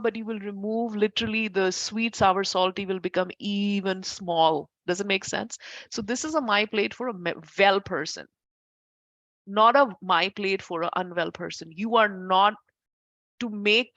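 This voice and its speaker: An Ayurveda instructor, a woman with a medium-pitched voice, teaches a class in a chatty, informal way. She often corrects herself mid-sentence and makes warm asides to her students. The recording is lo-fi with no room sound.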